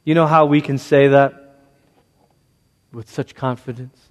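A man who grew up in Malaysia, preaching a sermon as a pastor with emphatic, repetitive rhetorical phrasing that swings from loud to hushed. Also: medium pitch, fairly even intonation, a little slow. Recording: long reverb of a large hall.

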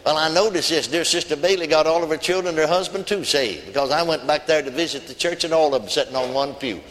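A man's voice: fairly high pitch, fast, few pauses, fairly bright tone. Folksy preacher man in a reverberant hall. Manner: folksy storytelling, emphatic. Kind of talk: sermon.

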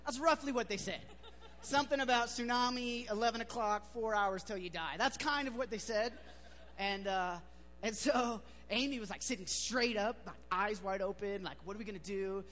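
Man, pastor, high voice, chatty joking sermon, long hall reverb. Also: normal speed, bright, forceful tone. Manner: chatty, joking, loose with many fillers. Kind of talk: sermon with casual storytelling. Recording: reverberant hall, faint hum.

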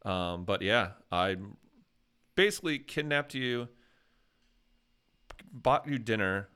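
A man's voice: medium pitch, expressive, takes it slowly, pushed and bright, clean tone. An American man hosting a casual podcast chat, telling rambling, jokey stories. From USA. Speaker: podcast host.

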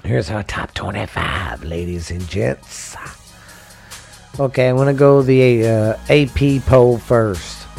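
A man's voice: medium pitch, darkish tone. A man hosting a casual sports podcast, rambling and swearing as he reads scores and rankings. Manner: rambling, profane, drawling, reads lists with fillers. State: dry mouth. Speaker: podcast host.

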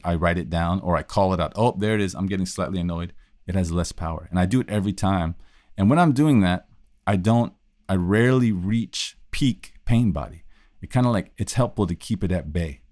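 A man's voice: low-pitched, a little mellow, no room sound, studio quality. A man hosting a solo talk on communication, thinking aloud in a loose, casual way with frequent restarts. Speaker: podcast host teaching communication.

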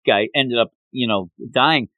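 Man voicing a tired young man, low, slow, subdued, dry close sound. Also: bright, forceful tone, dry recording. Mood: weary.

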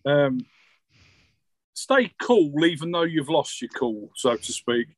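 A man's voice: fairly high pitch, lively intonation, slow, no echo, poor audio. A man narrating a tabletop game as game master, rambling loosely with many fillers.

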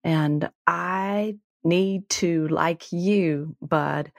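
A woman co-host reflects candidly, with a self-deprecating manner. Her voice is low and gravelly, and she speaks slowly in a dry, close recording. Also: no echo. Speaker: podcast co-host. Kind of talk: casual conversation.

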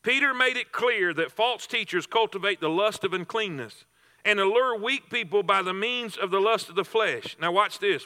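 A man's voice: high-pitched, normal speed, bright, forceful tone, in a large hall. A man preaching a sermon to a congregation, emphatic, repeating phrases and restarting himself. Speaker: pastor.

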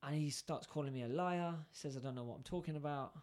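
A man whose voice is on the high side keeps a quick pace while sharing a story from work in casual chat. He's animated and plays out both parties in the conversation.

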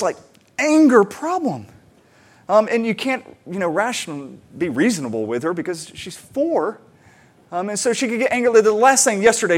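A male pastor with a fairly high voice delivers a sermon in a loose, conversational way, scattering fillers as he talks. He shifts into lively, animated bits when retelling moments from home. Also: slightly rough.

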